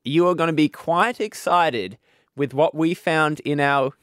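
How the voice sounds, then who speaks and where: A man's voice: fairly high pitch, a little slow, a bit bright, clear, resonant tone, no room sound, studio quality. A man co-hosting a comedy radio show, teasing his partner in playful banter. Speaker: radio co-host.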